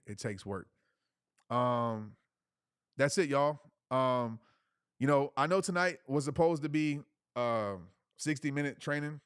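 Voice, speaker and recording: A man's voice: medium pitch, clean tone, no echo. Punchy, dry-miked male motivational speaker. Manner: preachy, punchy repetition, slangy. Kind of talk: live webinar talk.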